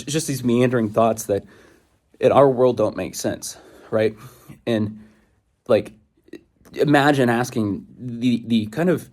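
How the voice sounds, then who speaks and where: A man's voice: medium pitch, darkish tone. A young man vlogging from a hiking trail, ranting in an exasperated, rambling way and drifting off on tangents. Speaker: thru-hiker vlogger. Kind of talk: rambling outdoor vlog monologue.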